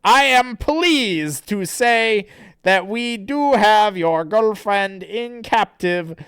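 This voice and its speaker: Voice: medium pitch, expressive, fairly bright tone, smooth, no echo, studio quality, pitched above the performer's own voice, exaggerated voice. A streamer voicing a smug young villain who talks in a stiff, grandiose way. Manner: stiff and grandiose, slow, stumbling over words.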